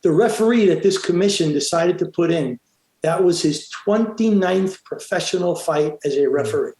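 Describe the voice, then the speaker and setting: High-voiced man telling fight stories. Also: moderate pace, a little mellow, roomy sound. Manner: emphatic, acts out quotes, frequent restarts. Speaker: boxing referee, interview guest. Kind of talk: animated storytelling in an interview.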